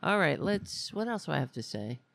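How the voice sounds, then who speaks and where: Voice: mid-range voice, very animated, moderate pace, gravelly, fairly bright tone, dry recording. A podcast host in casual political talk, rambling and grumbling with lots of restarts, sounding irritable.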